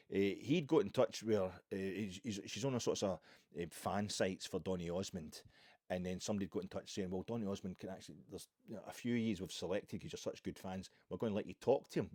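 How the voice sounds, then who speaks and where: A Scottish man from Ayrshire rattles through a solo football chat at a quick clip, his voice sitting fairly low. He wanders into animated asides and restarts often. The recording is close and dry, with no room sound. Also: no room sound. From Ayrshire, Scotland. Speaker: football podcast host.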